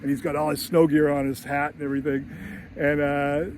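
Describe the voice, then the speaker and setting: A man who hosts a screenwriting channel, recapping a movie in an animated, casual way. He laughs often and acts out lines as he goes. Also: fairly high pitch, fairly quick, a little hiss or hum. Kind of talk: casual film recap and commentary.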